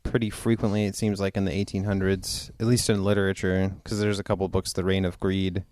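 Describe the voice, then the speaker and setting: A man co-hosting a podcast in casual chat, easygoing and quick to laugh as he explains words. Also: low voice, little pitch movement, a little mellow, a little hiss or hum. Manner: easygoing, laughs often, explains word definitions. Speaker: podcast co-host.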